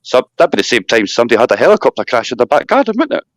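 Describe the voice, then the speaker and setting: Animated Scottish man ranting. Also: medium pitch, rapid-fire, no room sound. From Scotland. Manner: animated rambling rant with mocking asides. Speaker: live stream host. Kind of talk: casual chat.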